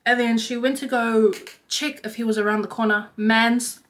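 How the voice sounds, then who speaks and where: A young woman with a slightly high voice tells a story to her vlog viewers. She talks casually and animatedly, with "like" peppered all through her sentences. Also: moderate pace. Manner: chatty, animated, lots of "like". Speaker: vlogger.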